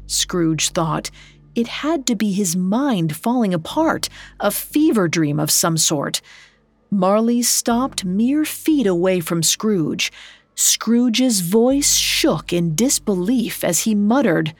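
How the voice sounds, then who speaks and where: Slow measured woman narrating a story. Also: mid-range voice, animated, dry recording. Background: faint music.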